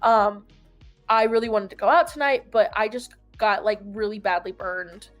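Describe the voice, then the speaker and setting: A woman's voice: medium pitch, moderate pace, faint music behind. A young adult woman telling a long story in casual chat, rambling and peppered with "like". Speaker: host.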